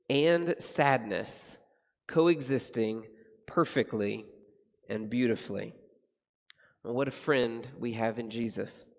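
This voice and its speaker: A man preaching a sermon, earnest and reflective, slowing and softening his voice on the solemn passages. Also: medium pitch, big-room sound. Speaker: pastor.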